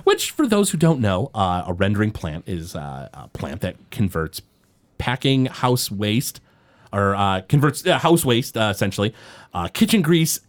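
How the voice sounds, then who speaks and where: A man co-hosting a casual podcast, recapping a cartoon episode with lots of fillers. His pitch leaps and dips as he tells the story. He slips into exaggerated voices for the quotes. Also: big pitch swings, moderate pace. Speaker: podcast co-host.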